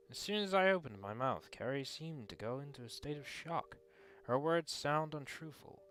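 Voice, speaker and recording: A man reading a visual novel aloud in earnest first-person narration. His voice sits at an ordinary pitch for a man, and faint music plays under it. He breaks off now and then for dry asides. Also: fairly bright tone. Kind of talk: dramatic read-aloud narration.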